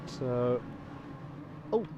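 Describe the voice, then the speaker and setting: A man commenting live on a sim race, excitable and repeating phrases, breaking into shouts. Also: medium pitch, extremely slow, highs cut off, background noise.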